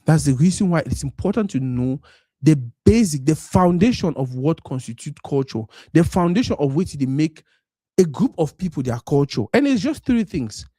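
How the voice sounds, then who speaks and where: Cameroonian guy on a live stream, pidgin english accent, kinda high voice, dead dry close sound. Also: warm tone, dry recording. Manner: mixes Pidgin and English, acts out quoted voices. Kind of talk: casual monologue.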